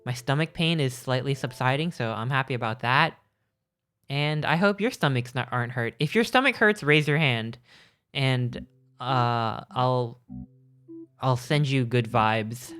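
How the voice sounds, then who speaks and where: A man's voice: medium pitch, unhurried, fairly bright tone, smooth. A man streaming, chatting casually with his live chat in a rambling, joking way, often stopping mid-sentence to restart. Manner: rambling, jokey, self-interrupting.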